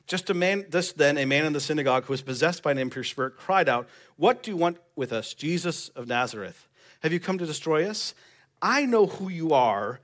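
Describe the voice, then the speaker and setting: A man's voice: fairly high pitch, a bit bright. A male pastor preaching a sermon in a church, conversational and joking with the congregation.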